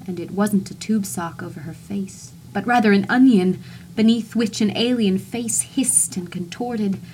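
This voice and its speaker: A woman reading a first-person novel aloud as audiobook narrator, wry and expressive. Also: mid-range voice, unhurried, slight background noise.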